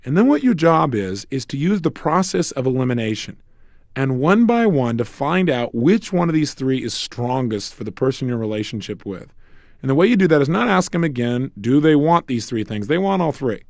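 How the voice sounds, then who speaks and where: A man's voice: mid-range voice, big pitch swings, brisk, no room sound, clean studio sound. A middle-aged man giving a motivational self-help lecture, emphatic, asking rhetorical questions and acting out bits of dialogue.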